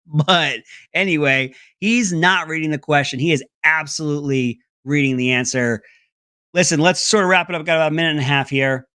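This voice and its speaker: A man's voice: fairly quick, bright, forceful tone, clear, resonant tone, dry recording, clean studio sound. A man hosting an opinionated political commentary segment, talking in a mocking, sarcastic way. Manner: mocking, breaks into high mimicking voices.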